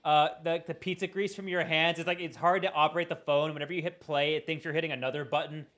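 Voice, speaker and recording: A man narrating a tabletop role-playing game as its game master. He talks casually with plenty of fillers and easy laughter, and his voice sits a little higher than most men's. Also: fairly even intonation, quick pace, a bit bright.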